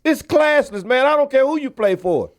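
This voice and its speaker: A man's voice: very high-pitched, lively intonation, normal speed. A man co-hosting a sports podcast in casual banter, heated trash talk, dropping "man" again and again. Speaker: podcast co-host.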